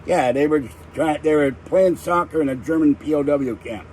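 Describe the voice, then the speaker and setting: A man's voice: a little high, moderate pace, a little mellow, a little hiss or hum, low-quality recording. An older man hosting a livestream, ranting irritably in a rambling casual chat. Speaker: livestream host.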